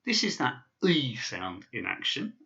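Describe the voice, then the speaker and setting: A man's voice: mid-range voice, huge pitch swings, measured pace, vocal fry, pushed and bright, muffled recording. A man teaching basic pronunciation in a casual video lesson, with many fillers and restarts. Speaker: language teacher.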